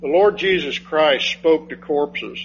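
A man preaches an expository sermon at an unhurried pace, his voice sitting a little high. He rises on his key phrases and drops low when he reads scripture. The recording is dull and lo-fi, with a faint hum underneath. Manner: slow, emphatic, rising on key phrases and dropping low for scripture reading.

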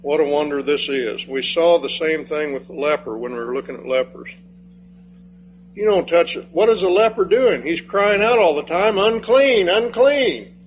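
A man preaching an expository sermon, slow and emphatic, rising on key phrases and dropping low when he reads scripture. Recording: dull lo-fi sound with faint hum.

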